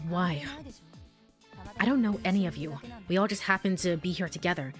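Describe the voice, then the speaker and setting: A woman voicing a cold, standoffish young woman who speaks in a flat, dismissive way. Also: fairly low pitch, moderate pace, soft background music, natural voice.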